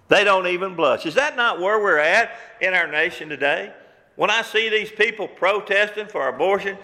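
A man's voice: sits high, bright, forceful tone, long reverb tail. A man preaching a sermon to his congregation in a church, fervent and full of repeated rhetorical questions. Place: church sanctuary.

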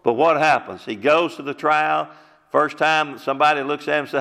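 Gravelly preacher in a reverberant church. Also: male voice, on the high side, fairly even intonation, moderate pace, bright, forceful tone. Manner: rhetorical questions, fervent preaching. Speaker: pastor. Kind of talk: sermon. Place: church sanctuary. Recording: long church hall reverb.

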